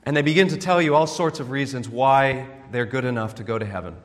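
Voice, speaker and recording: This preacher speaks at a medium pitch and a brisk pace, delivering an expository sermon in earnest teaching mode. Rhetorical questions come often as he checks in, all wrapped in a long hall reverb.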